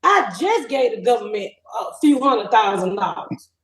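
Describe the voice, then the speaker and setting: A high-voiced woman in her fifties holds forth on her comedy podcast. She is loud, profane and animated as she tells her stories, and she speaks over a remote connection that keeps cutting out. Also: moderate pace, breathy edge. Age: 50s. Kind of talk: casual podcast chat. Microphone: remote call with a patchy connection.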